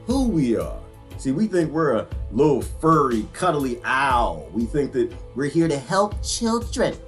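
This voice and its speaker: A man's voice: fairly high pitch, big pitch swings, unhurried, faint music behind. A middle-aged man ranting casually about politics, joking and laughing often with loose slang. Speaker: vlogger.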